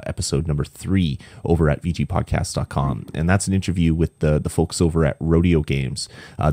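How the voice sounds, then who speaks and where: A man's voice: a bass voice, mellow, no room sound. A young man hosting a casual gaming podcast, chatty and rambling, laughing easily. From Canada. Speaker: podcast host.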